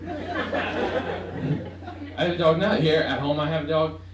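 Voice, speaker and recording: A man's voice: on the high side, steady tone, normal speed, a faint crowd. A young man doing a stand-up set, rambling and hesitant, acting out voices. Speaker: stand-up comedian. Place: student comedy room with audience. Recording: echoey room, far from mic, faint noise.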